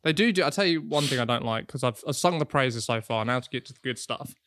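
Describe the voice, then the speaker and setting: A man's voice: mid-range voice, expressive, quick pace, a bit bright, dry recording, clean studio sound. Crude joking man on a podcast. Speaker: podcast co-host. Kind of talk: casual chat.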